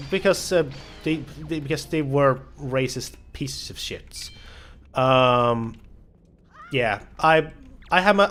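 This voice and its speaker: A man's voice: on the high side, a bit bright. A young man chatting casually while playing a game on a charity stream, rambling and swearing, with lots of restarts. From Sweden. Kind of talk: casual livestream chat while gaming.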